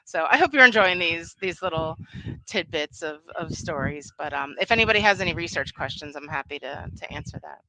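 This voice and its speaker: A woman's voice: sits low, expressive, fairly quick, sharp tone, no room sound, rough recording. A woman speaking over a video call, telling casual family stories and taking audience questions, rambling and laughing often. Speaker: conference speaker, threat intelligence analyst.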